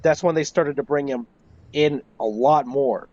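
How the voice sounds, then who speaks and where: A man, a wrestling historian, telling stories in a casual interview, animated and swearing freely. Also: on the high side, a little slow. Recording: lo-fi voice chat.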